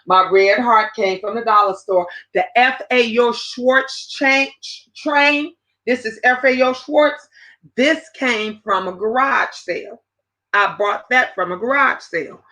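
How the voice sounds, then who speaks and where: A woman in her fifties hosting a casual livestream chat, animated and talking straight to her viewers. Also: on the high side, measured pace, low-quality recording. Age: 50s. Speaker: livestream host.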